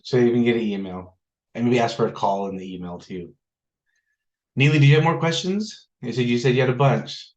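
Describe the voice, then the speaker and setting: A man's voice: mid-range voice, animated, fairly quick, a little mellow, lo-fi sound. A man hosting a casual group discussion, telling jokey stories and asking for questions. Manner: joking storyteller. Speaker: notary meetup host.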